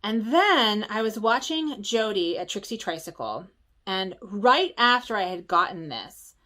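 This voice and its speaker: A woman from the Philadelphia area chatting casually at home for her stitching vlog, excitable and rambling, with quick asides. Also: mid-range voice. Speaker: stitching vlogger.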